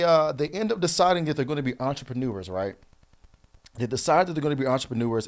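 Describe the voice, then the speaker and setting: A man telling a story to the camera, casual and playful, with quick asides to the viewer. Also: mid-range voice. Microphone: camera mic.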